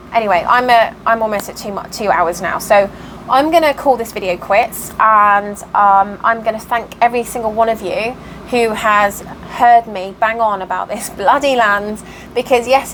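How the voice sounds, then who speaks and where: A woman's voice: on the high side, a little hiss or hum, rough recording. A tired woman chatting casually in a vlog update, venting her frustration and getting worked up. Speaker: cross stitch vlogger.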